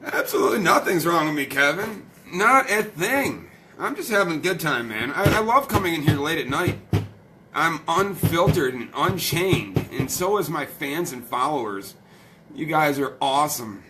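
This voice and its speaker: A man's voice: a little high, expressive, moderate pace, heavy background noise. A man hosting a late-night live stream, rowdy, profane and joking, a little tipsy from beer.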